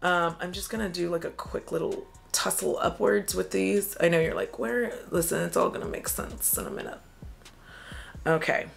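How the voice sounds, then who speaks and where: Woman vlogger, casual get-ready chat while doing makeup, talkative with frequent swearing, soft music underneath. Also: lowish voice, expressive, moderate pace, vocal fry. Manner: chatty, swearing, laughing often, acting out her own quotes. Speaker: beauty vlogger.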